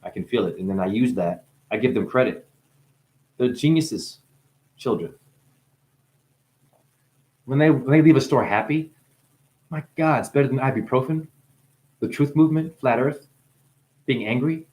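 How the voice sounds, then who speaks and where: A man with a New Jersey accent giving a rambling spiritual monologue as a livestream host. He swears freely and swings from loud bursts to hushed musing. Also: mid-range voice, lively intonation, moderate pace, long pauses.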